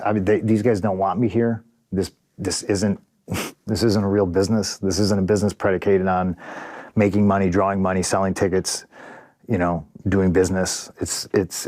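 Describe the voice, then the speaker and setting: A man's voice: low-pitched, steady tone, moderate pace, darkish tone, no room sound, clean studio sound. A man in a candid interview, recounting events in a rambling, profane way, often restarting and quoting others. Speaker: interview guest, wrestler.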